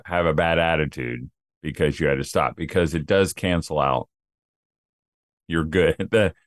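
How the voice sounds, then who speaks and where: Low-voiced man telling rambling stories. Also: no echo, studio quality. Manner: rambling storyteller, acts out quotes. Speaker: podcast co-host. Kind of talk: casual chat.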